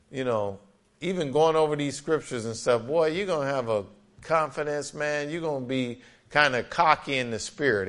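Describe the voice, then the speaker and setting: A man's voice: medium pitch, a bit bright. Man preaching an emphatic sermon. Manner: emphatic preaching with frequent amens and scripture readings. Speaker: pastor.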